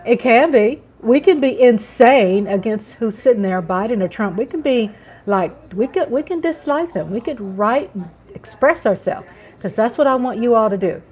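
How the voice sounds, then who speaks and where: Woman, middle-aged, American, fairly high voice, chatty live stream host, laughing, greeting viewers. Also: animated, moderate pace, a little mellow, breathy edge. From United States. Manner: chatty, laughing, reading out chat names. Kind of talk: casual live-chat talk.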